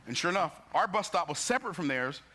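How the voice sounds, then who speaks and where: A man telling life stories in an emphatic, preacher-like motivational talk, building up and jumping into sudden high bursts. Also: very animated, quick pace, bright, forceful tone. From United States. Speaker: motivational speaker.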